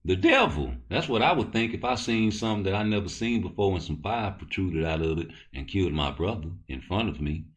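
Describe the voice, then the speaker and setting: A man's voice: low-pitched, animated, brisk, few pauses. A man hosting a live boxing talk stream, rambling loosely and cursing as he answers his chat. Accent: Baltimore. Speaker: boxing talk show host.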